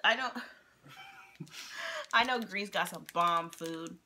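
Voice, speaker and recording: A woman's voice: lowish voice, extremely slow, sharp tone. A woman co-hosting a casual snack-tasting vlog, blunt, swearing freely and laughing often. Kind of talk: casual chat. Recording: noisy background with crinkling wrappers.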